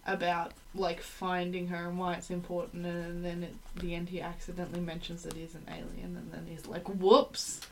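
A woman's voice: fairly low pitch, monotone, brisk, gravelly, hardly any pauses, slight background noise, poor audio. Rambling woman chatting on a podcast. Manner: rambling, self-deprecating, many fillers. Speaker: podcast co-host. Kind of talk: casual chat, improvised plotting.

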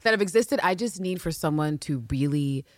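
Animated low-voiced woman podcaster. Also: normal speed, dry recording, studio quality. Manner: animated, swings from loud exclaiming to hushed asides. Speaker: podcast co-host. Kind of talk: casual fan podcast chat.

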